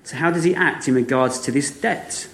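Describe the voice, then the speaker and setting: A man preaching a sermon, retelling a parable with vivid, animated storytelling and frequent rhetorical questions. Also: mid-range voice, moderate pace. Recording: echoey room.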